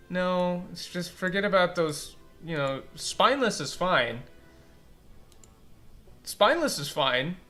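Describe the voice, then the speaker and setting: A man giving let's play commentary and critiquing a game's translation, blunt and animated, swearing casually and saying "like" a lot. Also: fairly high pitch, gravelly. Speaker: game localization critic.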